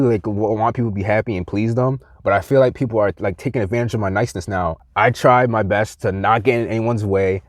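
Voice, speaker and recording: A man's voice: on the low side, no room sound, studio quality. A young man vlogging a heated, profane rant to the camera, mocking other people in quoted voices. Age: young adult.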